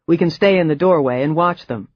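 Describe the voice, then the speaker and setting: A man's voice: on the high side, brisk, no echo, highs cut off, natural voice. A narrator voicing a patient, persuasive man. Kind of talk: audiobook character voice.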